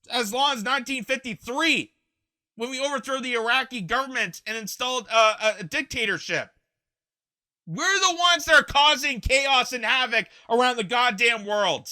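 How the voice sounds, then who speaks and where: Young male host, heated commentary rant, high voice, very bright tone. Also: moderate pace. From Canada. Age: 20s. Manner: angry, heated, ranting. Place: home basement.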